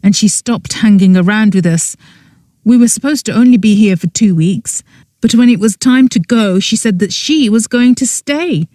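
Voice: mid-range voice, moderate pace, mellow, dry recording, clean studio sound, pitched above the performer's own voice, close to an everyday voice. An audiobook narrator voicing a grieving young man who talks bitterly and in shock about a lost girlfriend. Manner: upset, bitter. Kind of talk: audiobook character voice.

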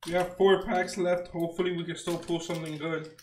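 A man's voice: high voice, flat delivery, a little fast, reverberant, a little hiss or hum, low-quality recording. A young man opening trading card packs on a stream, talking casually in slang and joking with mock outrage at the cards he pulls. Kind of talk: casual unboxing chat.

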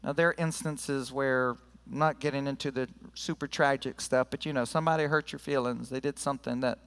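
A man's voice: mid-range voice, fairly even intonation, brisk, a bit bright, smooth, big-room sound. A man preaching a sermon to his church in an earnest, conversational way, leading prayer and scripture reading. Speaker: pastor. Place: church sanctuary.

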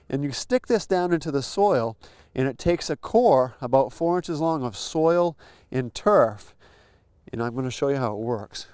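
Outdoors, a man with a mid-range, darkish voice hosts a lawn care show, demonstrating steps in a folksy, plain way with simple comparisons. The audio is clean with no echo, and he's a little out of breath at times.

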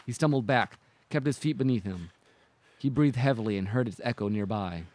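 A man co-hosting a podcast who reads a story in measured scripted narration and also chats casually. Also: medium pitch, a little mellow.

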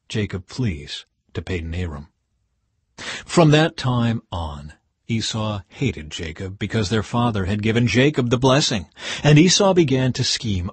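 A man reading scripture aloud in a measured way, his voice falling low at the ends of phrases. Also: lively intonation, slightly rough, no room sound. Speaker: Bible reader.

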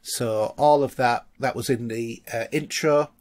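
A man's voice: mid-range voice, steady tone, measured pace, darkish tone. A middle-aged man co-hosting a casual podcast, chatty and rambling with lots of fillers. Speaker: podcast co-host.

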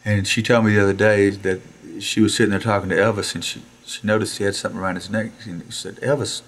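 A man, casually telling anecdotes in a recording studio, animated and chuckling, acting out quotes. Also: fairly low pitch, fast, slight background noise. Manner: animated storyteller who chuckles, acts out quotes and restarts sentences. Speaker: musician interview guest.

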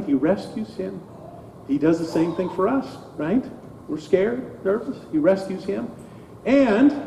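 In a church sanctuary, a male pastor gives a children's sermon, speaking animatedly and asking the kids questions. His voice is a little high with a dark tone, and the recording sounds dull and echoey, with slight background noise.

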